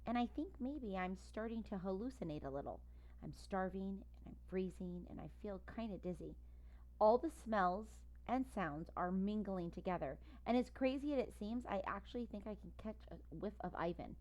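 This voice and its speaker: A woman reads a children's storybook aloud in the first person. Her narration is lively and expressive, with a middle-pitched voice. She carries the story with plain warmth of delivery. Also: moderate pace. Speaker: audiobook reader.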